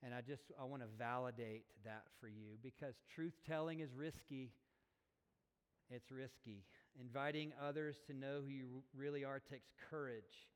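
A man's voice: medium pitch, normal speed, smooth. A man, a pastor, preaching a sermon in a church in an earnest, conversational way, asking the congregation rhetorical questions and often correcting himself mid-sentence. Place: church sanctuary. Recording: long reverb of a church hall.

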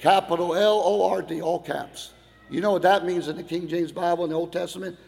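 A middle-aged man, a pastor, preaching an old-time Baptist sermon in a church, going from quiet talk to loud shouted passages. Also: high voice, fairly even intonation, quick pace, gravelly. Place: church hall. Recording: long hall reverb.

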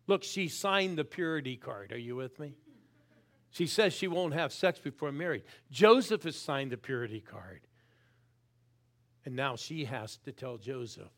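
A middle-aged man preaching a sermon, swinging from loud calls to quiet, intense asides and pushing the crowd to answer back. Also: medium pitch, animated, moderate pace. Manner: urges the crowd to respond. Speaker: guest preacher.

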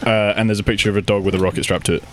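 Male co-host, lower pitch, laughs his way through a listener email, light background noise. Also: fairly even intonation, rapid-fire. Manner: giggly, self-conscious reading. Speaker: podcast co-host. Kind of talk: reading a listener email aloud.

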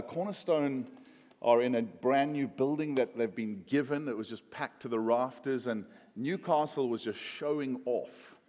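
A man's voice: medium pitch, a little mellow. A man preaching a conversational sermon, joking and chatty with frequent fillers. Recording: long hall reverb.

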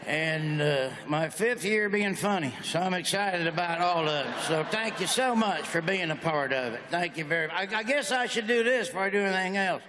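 A man's voice: high-pitched, animated, normal speed, few pauses, sharp tone. A middle-aged man with a Southern American accent doing a stand-up routine, drawling through stories and acting out the people in them. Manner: drawling storyteller, acts out characters. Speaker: stand-up comedian. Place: large auditorium on stage. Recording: live hall reverb, faint ambience.

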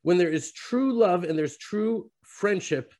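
A man's voice: high-pitched, expressive, unhurried, darkish tone. A man giving a Bible teaching as a storyteller, weaving Hebrew terms into his sermon over a video call. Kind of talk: sermon to an online fellowship.

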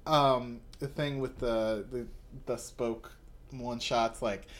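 A man's voice: medium pitch, fairly even intonation, takes it slowly. A man in casual conversation, rambling along with many fillers and frequent laughs. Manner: laid-back, rambling, laughs often. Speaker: podcast co-host. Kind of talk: casual chat about manga.

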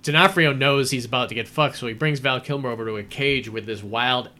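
A man's voice: medium pitch, fairly quick, pushed and bright. A man in casual podcast chat, retelling film scenes in a rambling way with many fillers and laughs.

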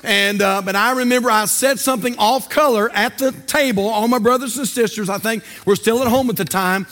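High-voiced preacher in a hall. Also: male voice, fairly quick, a bit bright, soft background music. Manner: folksy, asks rhetorical questions and tells stories. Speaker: pastor. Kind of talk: sermon.

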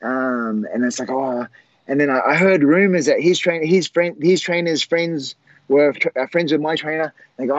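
A man in his forties, a former fighter, tells a long story at an easy, rambling pace. His voice sits a little high for a man and keeps stopping on "uh" and "um" to restart. The sound is dry and a bit muffled, like a lo-fi recording. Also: no room sound. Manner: rambling, halting with many fillers and restarts. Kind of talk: casual storytelling.

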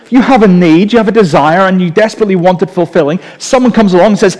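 A man preaching a sermon in a lively, joking, conversational way. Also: high voice, fast talker, few pauses. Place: church. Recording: long reverb of a large hall.

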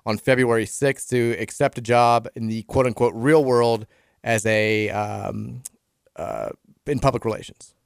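A man's voice: medium pitch, a little slow, creaky, no echo, clean studio sound. A middle-aged man from Kentucky with a subtle Southern accent, co-hosting a radio show and rambling through stories with lots of restarts. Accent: Southern American, subtle. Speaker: radio co-host. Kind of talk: casual chat.

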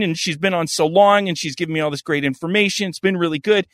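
A man's voice: high voice, brisk, hardly any pauses, no echo, clean studio sound. A man hosting a podcast, telling a story in casual comedic chat, swearing freely and acting out the other people in it. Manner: animated, profane, acts out quotes. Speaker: podcast host.

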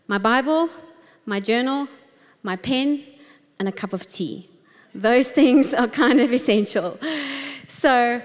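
A woman giving a devotional teaching in a slow, gentle, reflective way, pondering each word. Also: a little high, in a large hall. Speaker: Bible teacher.

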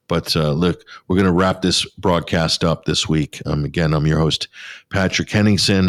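Male radio host, very low voice, dry studio sound, sarcastic and scornful commentary. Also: no room sound. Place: pop-up studio.

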